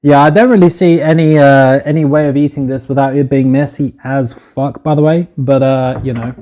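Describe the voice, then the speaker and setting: Cooking at home and streaming it on his phone, a man keeps up casual chat, swearing freely and calling viewers "boys." His medium-pitched voice is mellow, with fairly even intonation and a moderate pace.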